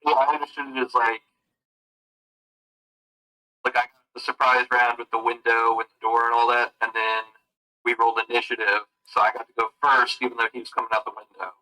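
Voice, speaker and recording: A man's voice: medium pitch, flat delivery, fairly quick, pushed and bright, poor audio. A man playing a tabletop game, asking careful questions about the rules. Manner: asks careful clarifying questions. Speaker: player. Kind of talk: casual tabletop game talk.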